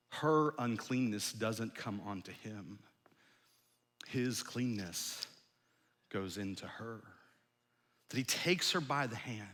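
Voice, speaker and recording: A man, a pastor, preaching a sermon in a conversational storytelling way that often drops soft and low. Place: large church hall. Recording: long hall reverb.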